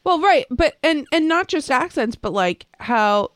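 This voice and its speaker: A woman co-hosting a podcast in casual chat, relaxed and dry in manner. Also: high voice, unhurried, no echo. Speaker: podcast co-host.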